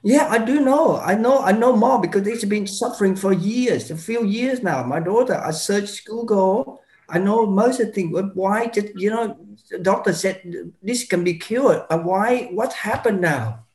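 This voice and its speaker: A distraught mother fires demand after demand, as a man plays her in a medical role-play. The voice sits high and the room gives it a roomy echo. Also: normal speed, lightly acted. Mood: angry, distraught. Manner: loud, insistent, repeating demands.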